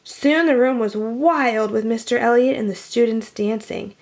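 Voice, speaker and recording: A woman reading a children's picture book aloud, pausing to explain words for children. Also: a little high. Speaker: storybook reader.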